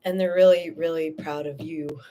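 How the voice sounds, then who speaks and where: Woman tarot reader, live stream, low-pitched voice, earnest and spiritual, addresses viewers by name, fillers and restarts. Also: steady tone, moderate pace, warm tone, a little hiss or hum. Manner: fillers and restarts, gets emotional. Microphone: streaming to viewers live, no moderator.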